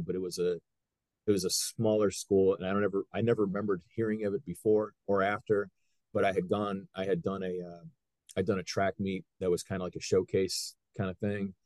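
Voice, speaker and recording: A middle-aged man, a high school wrestling coach, telling stories in a casual interview with lots of restarts. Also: quick pace, no echo. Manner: animated storyteller, frequent restarts.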